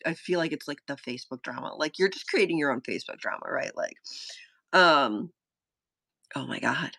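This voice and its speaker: A woman's voice: sits low, a bit bright, dry recording. A chatty woman in her thirties thinks aloud as she tests her own solo game live. She rambles with lots of fillers and gasps when an idea hits. Her voice sits close and dry, with no room around it. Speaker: solo game designer streaming a playtest.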